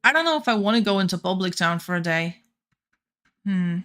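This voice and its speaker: A woman's voice: fairly low pitch, lively intonation, brisk, a bit bright. A young woman with a light Flemish accent, chatting casually and thinking aloud while playing a game on stream, often restarting her sentences.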